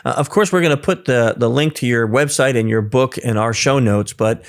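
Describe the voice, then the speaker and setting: A man's voice: medium pitch, normal speed. An affable man hosting an interview podcast, nodding along with short affirmations and an easy laugh. His voice sits in a middle range for a man. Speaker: podcast host.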